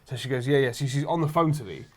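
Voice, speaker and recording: A man's voice: mid-range voice, fast, a little mellow. A young man telling rowdy anecdotes in casual chat, swearing freely and laughing as he goes. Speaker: show regular.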